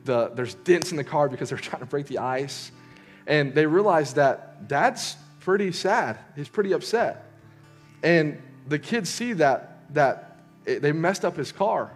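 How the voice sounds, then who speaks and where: A young man, preaching a casual sermon as he tells a story, with lots of fillers and restarts. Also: fairly high pitch. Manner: conversational, lots of fillers and restarts, voices characters in quotes. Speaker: youth preacher.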